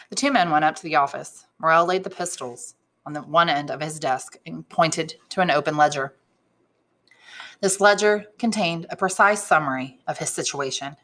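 Woman reading a novel aloud, bright clear tone, slightly low pitch, expressive character voices. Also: moderate pace. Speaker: English teacher reading aloud.

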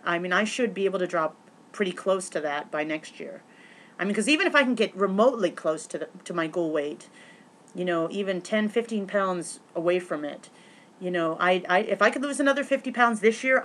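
A woman vlogging casually, rambling with many restarts and fillers, breaking into excitable bursts and swearing now and then. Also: medium pitch.

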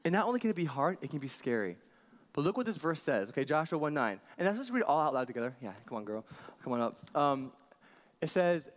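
A man preaching a sermon in a church, lively and earnest, laughing often and restarting his sentences. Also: a little high, fast. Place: church sanctuary.

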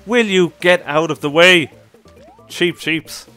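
A man giving casual commentary over his own gameplay, excitable, often exclaiming and laughing at his mishaps. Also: high-pitched, takes it slowly, clean tone, faint music behind. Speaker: let's play commentator.

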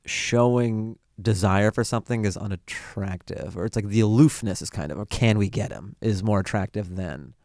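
Male comic guest, lower voice, relaxed storyteller, dry studio sound. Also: moderate pace, vocal fry, hardly any pauses, no echo. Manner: laid-back storytelling, acts out quotes. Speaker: comedian guest. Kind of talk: casual podcast chat.

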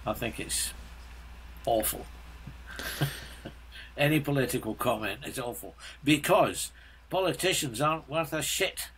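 An older man in his seventies speaks as a guest in a relaxed interview. He talks slowly and bluntly, stopping and restarting his sentences. His voice sits at an ordinary pitch. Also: a little hiss or hum, low-quality recording. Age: 70s. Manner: halting, blunt, frequent restarts. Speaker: guest composer. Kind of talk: casual interview chat.

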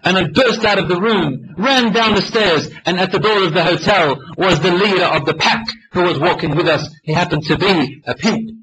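A man's voice: sits high, moderate pace, few pauses, fairly bright tone, slight background noise, rough recording. A male preacher telling a dramatic story in a sermon, emotional and acting out the voices. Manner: emotional, dramatic retelling with acted quotes.

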